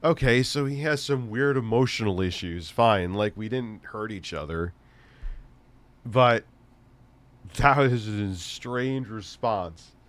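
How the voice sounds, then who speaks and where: With a lowish voice and a slow pace, a live-stream host recounts a story, cursing a lot and laughing as he animatedly tells it in casual conversation. The recording is dry.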